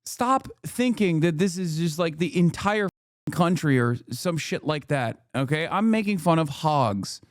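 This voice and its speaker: A man's voice: a little high, animated, measured pace, no echo. A man in his thirties streaming a reaction, ranting and mocking with a sarcastic edge. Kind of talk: live-stream reaction commentary.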